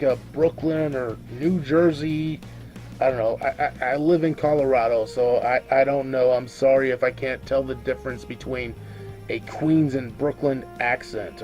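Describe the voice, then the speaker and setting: A man's voice: mid-range voice, darkish tone. A drunk man giving a casual video review of a movie, rambling, swearing freely and tripping over his own words.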